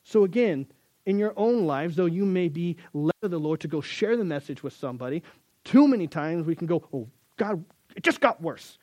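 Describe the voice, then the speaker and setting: A man's voice: fairly high pitch, animated, a little fast, warm tone. A man with a slightly raised voice preaches a conversational sermon, pressing his points with emphasis and talking to his listeners as guys. The sound is dry and close, with no room echo. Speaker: pastor.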